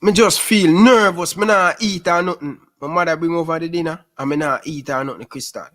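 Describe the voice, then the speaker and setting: A man in his twenties with a Jamaican Patois accent, a guest telling lively stories in a casual interview. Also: a little high, fairly quick. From Rema, Jamaica. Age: 20s. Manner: lively storyteller who keeps calling the host "sis".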